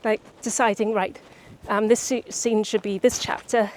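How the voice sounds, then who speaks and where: A young woman writer chatting casually about her book outdoors by the seaside, a little out of breath and halting, with many restarts. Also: mid-range voice, fairly even intonation, a little mellow, a little hiss or hum. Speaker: writer vlogger.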